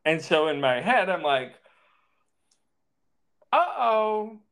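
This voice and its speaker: A man on a podcast spins a personal story with a lively, swooping pitch. He talks casually, swears freely and slips into the voices of the people he describes. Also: measured pace. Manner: animated, swearing, acts out the dialogue.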